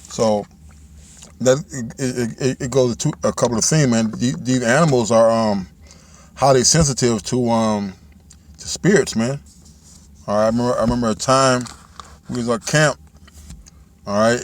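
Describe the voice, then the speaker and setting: A man giving informal Bible teaching, talking loosely and reading scripture aloud in a slow, measured way. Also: medium pitch. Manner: loose and conversational, ends phrases with "man" and "all right"; reads scripture aloud in slowed, measured cadence.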